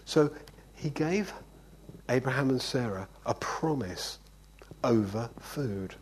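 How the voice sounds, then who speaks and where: A man's voice: medium pitch, animated, takes it slowly, long pauses, breathy edge, rough recording. A man preaching an informal sermon in a conversational way, often checking in with "okay?". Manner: conversational, keeps asking "okay?".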